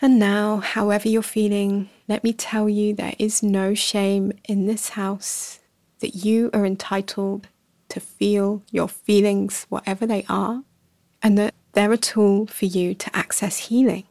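A woman hosting a reflective podcast, speaking softly and slowly, dropping to a whisper at times and laughing at herself. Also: medium pitch, flat delivery, no room sound. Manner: soft and slow, sometimes whispering, laughs at herself. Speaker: podcast host. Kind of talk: gentle reflective podcast talk.

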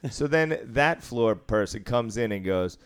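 A man's voice: medium pitch, lively intonation, unhurried, clean tone. A man who deals craps, telling a casual, profanity-laced story about work and laughing as he goes. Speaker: casino craps dealer.

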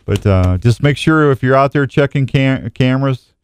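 Speaking at normal speed in a smooth, animated, mid-range voice, a man hosts an outdoors radio show in the studio, using a studio microphone. He rambles casually with self-deprecating humor while reading hunting and fishing reports aloud.

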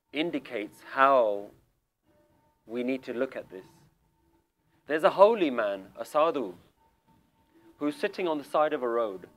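A man giving a religious lecture to a seated group, challenging listeners with direct questions and telling a story. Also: medium pitch. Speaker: Sikh lecturer. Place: room with people sitting around.

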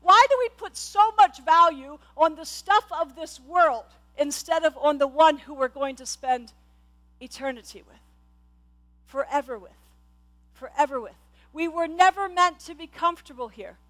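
A woman's voice: high-pitched, moderate pace, a bit bright. A middle-aged woman pastor preaching a sermon with passion, often repeating her words and stumbling on restarts.

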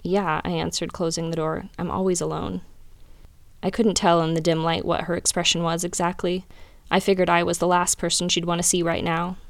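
Low, gravelly woman reading a story. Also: little pitch movement, fairly quick, no echo. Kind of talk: reading fan fiction aloud.

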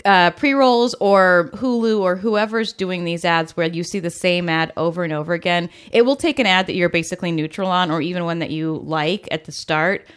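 A woman with a fairly low voice weighing in on a podcast discussion. She is blunt and opinionated, stating her views plainly in relaxed conversation. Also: moderate pace, few pauses, clear, resonant tone. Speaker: podcast co-host. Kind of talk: casual chat.

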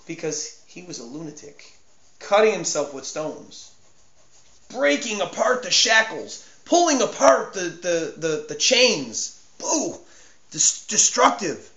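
A man with a high voice preaching a sermon. He swings from hushed asides to near-shouting and repeats words to drive each point home. The recording sounds dull and lo-fi, and the room echoes around him. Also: very animated, slow pace. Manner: repeats and stumbles over words for emphasis.

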